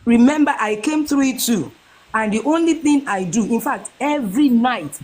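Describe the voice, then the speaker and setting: A woman's voice: fairly high pitch, lively intonation, normal speed, background noise. A Nigerian woman in her forties giving an emotional personal testimony, earnest and repeating her phrases as she goes. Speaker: guest sharing a testimony.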